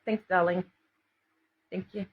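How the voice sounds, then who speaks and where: A woman's voice: fairly low pitch, level tone, unhurried, breathy edge, narrow, tinny audio. An Australian woman rambling to her viewers on a livestream, emotional and swearing freely, answering commenters as she goes. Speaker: vlogger addressing viewers.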